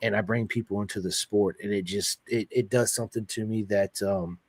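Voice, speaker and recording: Man, podcast host, casual chat, excitable, emotional, dry close sound. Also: fairly low pitch, brisk, husky, no room sound. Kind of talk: casual chat, reading viewer comments.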